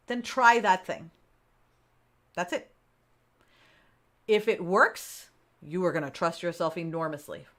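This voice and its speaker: Chatty woman hosting a live stream. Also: lowish voice. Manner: animated, laughs often, acts out her own inner voice. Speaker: livestream host. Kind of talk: casual live chat with viewers.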